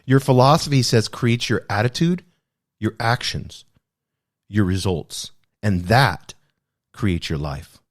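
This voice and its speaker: A man's voice: fairly low pitch, measured pace, long pauses. A man hosting a podcast, discussing a self-help book in an earnest, reflective way and repeating key phrases for emphasis. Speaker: podcast host.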